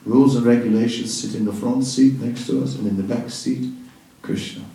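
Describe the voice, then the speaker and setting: A man's voice: medium pitch, fairly even intonation, moderate pace, gravelly, warm tone. A man giving a devotional talk, earnest and reassuring, repeating words for emphasis. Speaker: spiritual teacher. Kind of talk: devotional talk answering a question. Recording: echoey room, distant mic, faint noise.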